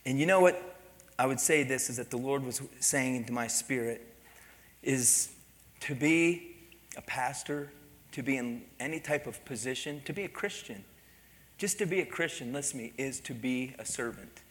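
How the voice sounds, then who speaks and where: Bright-voiced male pastor preaching. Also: medium pitch, moderate pace, in a large hall. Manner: storytelling with mimicked voices and laughter. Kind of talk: sermon.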